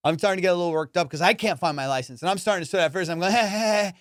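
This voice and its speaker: A man's voice: fairly high pitch, rapid-fire, no echo, clean studio sound. A man hosting a podcast, telling a casual, profane comedic story and acting out the people in it. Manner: profane, animated, acts out voices in his stories. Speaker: podcast host.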